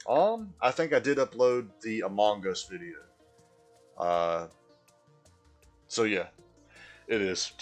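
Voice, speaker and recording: A man's voice: fairly low pitch, expressive, slow pace, pauses often, faint music behind. A man live-streaming a video game, chatting casually and answering viewers from chat.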